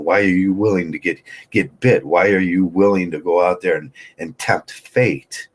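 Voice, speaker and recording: A man in his sixties talking in a rambling, argumentative, unscripted monologue, halting often. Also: low-pitched, slightly rough. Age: 60s. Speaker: vlogger.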